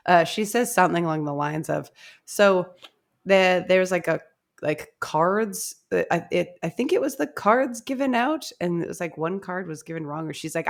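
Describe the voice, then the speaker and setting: A woman co-hosts a casual book club podcast, relaxed and slangy, laughing often. Her voice sits low and has a gravelly fry to it. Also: normal speed. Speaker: podcast co-host.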